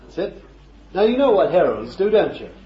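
A man preaches a sermon in a fairly high voice that leaps up and down with feeling. He keeps it conversational, throwing rhetorical questions at the congregation and chuckling along the way. The recording is dull and lo-fi, with a roomy echo. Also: big pitch swings, moderate pace.

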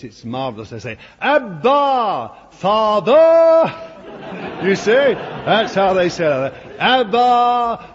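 Husky-voiced preacher in a hall. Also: male voice, high voice. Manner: fervent, emphatic preaching with asides to the congregation. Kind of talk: sermon. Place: church hall before a congregation. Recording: dull, lo-fi recording with long hall reverb.

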